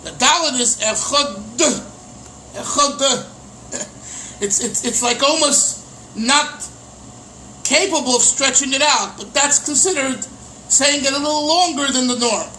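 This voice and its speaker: A middle-aged rabbi teaching a text in a relaxed, conversational way, acting out the questions as he explains. His voice sits very high and sounds piercingly bright. A faint hiss of noise runs underneath. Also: unhurried, poor audio. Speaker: rabbi teaching Chassidic texts. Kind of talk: casual Torah lesson.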